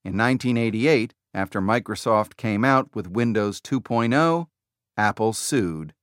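A man reading a nonfiction book aloud in scripted narration, with a measured, even storytelling delivery. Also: fairly low pitch, clear, resonant tone, no echo, studio quality. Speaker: audiobook narrator.

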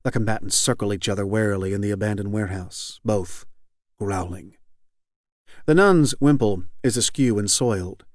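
A man reading literary fiction aloud as an audiobook narrator, measured and even. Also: lowish voice, no echo, studio quality. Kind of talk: scripted narration.

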